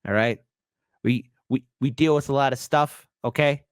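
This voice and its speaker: A man hosting an online commentary show, reacting to news clips in an animated, mocking way with sudden shouted bursts. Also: medium pitch, normal speed, clean tone, dry recording, studio quality. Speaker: host.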